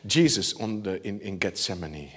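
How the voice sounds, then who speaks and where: A male preacher giving an animated sermon, laughing often and swinging from shouts to near-whispers. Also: sits low, normal speed, slightly rough.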